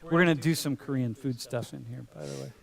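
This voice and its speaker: Speaking quickly with a creaky, medium-pitched voice, a male professor teaches a class in a big lecture hall. His tone is loose and joking, and he calls his students dude and bro.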